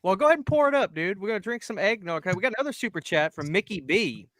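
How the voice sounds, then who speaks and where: A man's voice: sits high, lively intonation, rapid-fire, fairly bright tone, no echo, studio quality. A man hosting a casual livestream, upbeat and reading out chat names. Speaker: livestream host.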